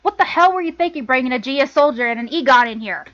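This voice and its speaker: A woman's voice: high voice, expressive, normal speed, highs cut off. A woman voicing an angry, bossy older sister in her twenties who scolds and lectures her younger sibling. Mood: furious.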